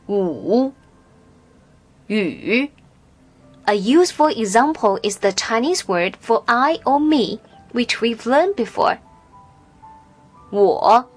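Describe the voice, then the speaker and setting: A woman's voice: fairly high pitch, breathy edge. A woman teaching pronunciation in a scripted language lesson, modeling sounds with careful, exaggerated drills.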